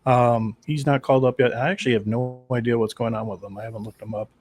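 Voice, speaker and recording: A man's voice: mid-range voice, steady tone, fast talker, a little mellow, husky. A man co-hosting a casual sports podcast, telling stories and teasing his friends in an easygoing way. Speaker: podcast co-host.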